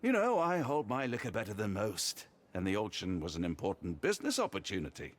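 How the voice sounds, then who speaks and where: An actor playing a calm detective in disguise in a video game, talking his way out of trouble smoothly. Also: on the low side, a little fast. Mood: evasive. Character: cool, evasive detective posing as drunk. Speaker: game character.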